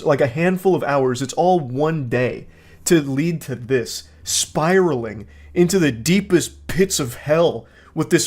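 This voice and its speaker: Male online commentator, deadpan and sardonic, mid-pitched voice. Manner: dry, sarcastic. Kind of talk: casual video commentary.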